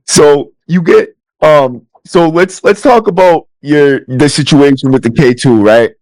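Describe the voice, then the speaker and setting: Podcast host guy, kinda high voice, trips over his words asking stuff, dry sound. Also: slow pace, darkish tone, no echo, poor audio. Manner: stumbling, restarting questions, laughs along. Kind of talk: casual interview chat.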